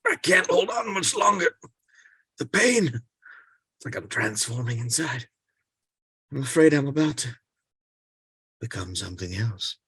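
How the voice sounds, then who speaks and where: A man's voice: medium pitch, measured pace, pauses often, slightly rough, dry recording, full character voice. A man reading the part of a possessed man who is turning into an alien being, speaking in a strained, eerie way. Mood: anguished. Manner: strained, eerie, flat mechanical delivery. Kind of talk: amateur script reading.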